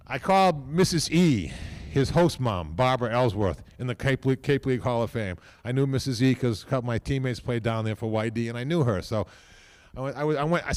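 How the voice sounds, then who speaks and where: Folksy older man. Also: mid-range voice. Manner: rambling, folksy, repeats "okay?" and phrases. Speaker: team owner speaking at a hall of fame ceremony. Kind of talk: casual off-the-cuff speech.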